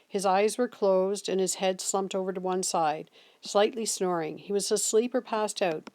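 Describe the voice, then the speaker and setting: A woman reading a novel aloud in steady first-person narration. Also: mid-range voice, moderate pace. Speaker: reader.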